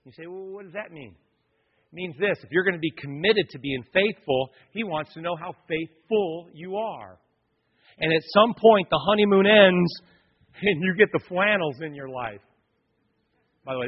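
A man's voice: a little high, animated, normal speed, husky, narrow, tinny audio. A man preaching a sermon, telling personal stories with joking asides to the congregation. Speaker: pastor.

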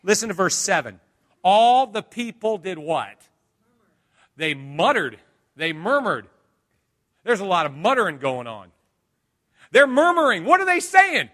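A male pastor preaching a sermon, swinging from hushed lines to loud dramatic ones. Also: extremely high pitch, sing-song, moderate pace.

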